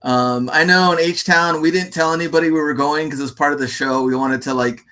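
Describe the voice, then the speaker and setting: A man hosting a casual livestream, relaxed and full of fillers, laughing easily. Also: a little high, a little fast. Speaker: livestream host.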